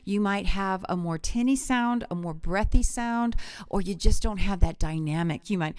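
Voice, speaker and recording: Middle-aged woman, live vocal coach; smooth, resonant voice, close and dry; chatty, digresses. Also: mid-range voice, normal speed, no echo, faint music behind. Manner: chatty, digressive, warmly enthusiastic. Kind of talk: live-streamed singing lesson.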